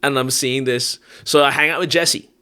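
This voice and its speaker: A man who is a guest preacher, chatting casually on a podcast, telling animated stories, laughing often and acting out other people's lines. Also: mid-range voice, moderate pace, smooth. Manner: acts out others' lines in quotes.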